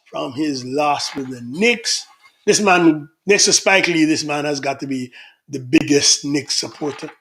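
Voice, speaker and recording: A middle-aged Jamaican man hosts a casual livestream, reading viewer comments aloud in a chatty, teasing way and laughing often. His voice is a little high with a fairly bright tone.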